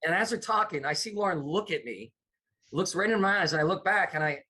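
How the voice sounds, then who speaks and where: A middle-aged American man with a high voice speaks fairly quickly. He's a comedy producer telling stories in a casual interview, animatedly acting out the voices of the people he quotes.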